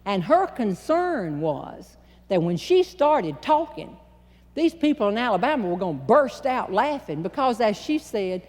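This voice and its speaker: A Southern American woman, a humorist telling a story to a live audience, her fairly high voice drawn out in a folksy way with deliberate pauses. The recording has the long, trailing reverb of a large hall. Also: sing-song, darkish tone.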